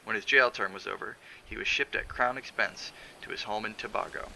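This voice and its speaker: A man reading a novel aloud on a stream, in a measured, steady narration with the odd filler. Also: lowish voice, creaky, a little hiss or hum, poor audio. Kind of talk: audiobook narration.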